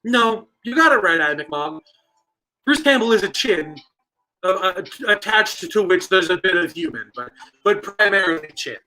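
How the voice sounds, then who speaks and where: A man's voice: high voice, lively intonation, normal speed, sharp tone, low-quality recording. A man hosting a live online trivia night, casually reading out viewer answers and joking with the chat. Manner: playful, jokey, reads out viewer answers. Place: store basement with stone walls.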